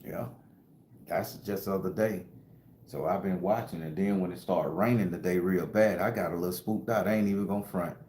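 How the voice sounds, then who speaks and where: A man's voice: deep voice, fairly quick, a little mellow, roomy sound, slight background noise. A middle-aged man hosting a spiritual livestream, telling an emotional story in slangy casual talk and addressing viewers directly. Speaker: spiritual channel host and tarot reader.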